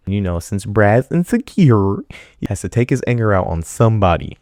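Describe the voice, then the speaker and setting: A man giving a casual reaction commentary on a TV drama, animated and joking, with slangy talk. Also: fairly low pitch, moderate pace, no echo.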